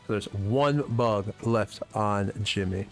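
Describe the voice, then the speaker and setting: A man's voice: fairly low pitch, slow, faint music behind. A man running a tabletop game as game master, casual and chatty, often correcting himself. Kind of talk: narrating a tabletop game over a video call.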